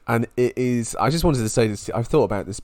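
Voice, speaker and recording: A man's voice: mid-range voice, animated, a little fast, darkish tone, no echo. A man co-hosting a sports podcast in casual chat, enthusiastic and openly emotional. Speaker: podcast co-host.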